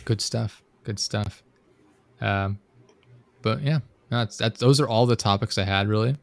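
A man's voice: fairly low pitch, measured pace, gravelly, no echo. A man hosting a casual podcast chat, telling stories with many restarts and laughs. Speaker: podcast host.

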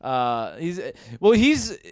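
A man's voice: on the high side, huge pitch swings, slow pace, a little mellow, no echo, clean studio sound. A young man co-hosting a casual comedy podcast, telling stories in a jokey, rambling way. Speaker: podcast co-host.

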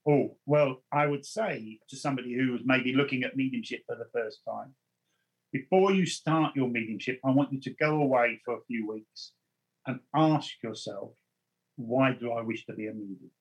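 A man, a medium, telling stories and giving advice in an interview in an earnest manner, slowing down to stress his points. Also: mid-range voice, breathy edge, poor audio. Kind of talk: anecdotal storytelling in an interview.

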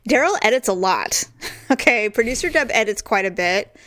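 A woman's voice: medium pitch, moderate pace, dry recording, clean studio sound. Frank, laughing woman podcast co-host. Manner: frank, animated storytelling with bursts of laughter. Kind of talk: casual comedic chat.

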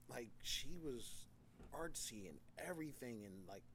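A man's voice: medium pitch, expressive, moderate pace, fairly bright tone, a little hiss or hum. A young man guest on a podcast, telling a personal story in a casual, slangy and heavily profane way. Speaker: podcast guest, fashion entrepreneur.

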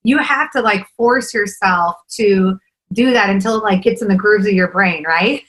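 Speaking at a normal speed in a mid-range, slightly bright voice, a woman in her forties chats enthusiastically as a guest on a podcast interview. Her speech is dotted with "like" and a frequent "right?" tacked onto her points. Recording quality is low.

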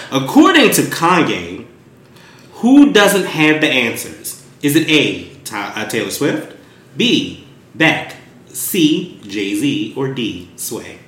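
A man's voice: medium pitch, bright, forceful tone. Male co-host, playful quiz reader, echoey room, faint noise behind. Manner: playful, laughs often, reads quiz options slowly. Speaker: podcast co-host reading quiz questions. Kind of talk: casual chat.

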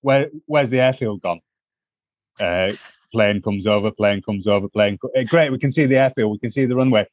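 A man's voice: on the low side, normal speed, dry recording. Middle aged guy from northwest england, rambling chat, muffled dry sound. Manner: rambling, many fillers and restarts. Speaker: podcast co-host. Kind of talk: casual chat, storytelling.

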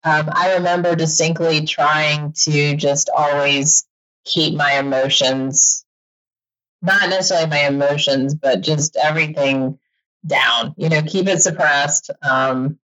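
A middle-aged woman speaks as a guest in a casual interview, candid and animated, laughing often. Her voice is bright and forceful, sitting a bit low in pitch. The audio is dull and lo-fi. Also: unhurried. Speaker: podcaster and author guest.

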